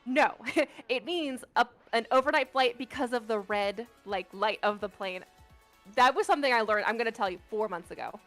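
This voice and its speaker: Bright-voiced giggly woman. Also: fairly high pitch, normal speed, faint music behind. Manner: giggly, rambling, self-deprecating. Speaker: co-host of a trivia stream. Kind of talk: casual chat.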